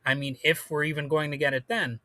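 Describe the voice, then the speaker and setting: A man's voice: on the high side, little pitch movement, brisk, sharp tone, no room sound. A man hosting a solo podcast, rambling casually with lots of fillers and restarts, blunt and prone to swearing. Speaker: podcast host.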